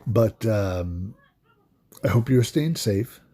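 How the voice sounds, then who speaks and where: A man commentating on a card game in a halting, soft-spoken way, with many pauses and fillers. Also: lowish voice, animated, husky. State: emotional, voice breaking. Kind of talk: casual gameplay commentary.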